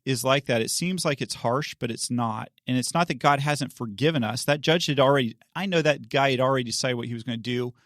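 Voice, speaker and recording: A man's voice: mid-range voice, a little fast, hardly any pauses, a bit bright, no room sound, studio quality. A middle-aged man, a pastor, telling a story on a church podcast in a chatty way, laughing often and acting out the people he quotes.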